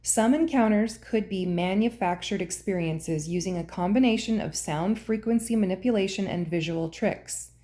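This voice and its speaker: Mellow-voiced woman narrating a conspiracy theory. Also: mid-range voice, moderate pace, few pauses. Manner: earnest, conspiratorial. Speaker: host and narrator. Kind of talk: scripted narration.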